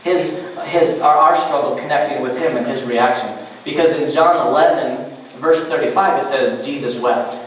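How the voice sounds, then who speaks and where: Animated male pastor in an echoey church. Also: medium pitch, normal speed, slight background noise. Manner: animated, joking asides. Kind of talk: sermon. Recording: echoey church room from far off.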